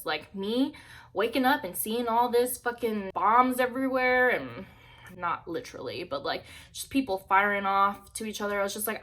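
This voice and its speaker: A woman's voice: a little high, lively intonation, moderate pace, fairly bright tone. Candid young woman vlogging from her bedroom. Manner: candid, swearing freely, rambling with lots of "like". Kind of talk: casual chat to camera. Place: bedroom at home.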